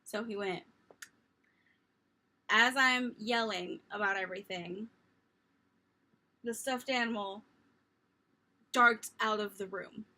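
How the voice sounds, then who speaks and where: A young woman vlogger telling a story in a casual, animated, self-mocking way. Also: medium pitch, slow, long pauses.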